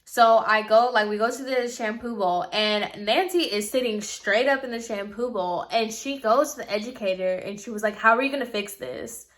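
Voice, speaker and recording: A woman's voice: fairly high pitch, normal speed, few pauses. A woman in her twenties, a hairstylist telling a casual storytime, chatty and full of "like" fillers. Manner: chatty, filler-heavy with frequent "like".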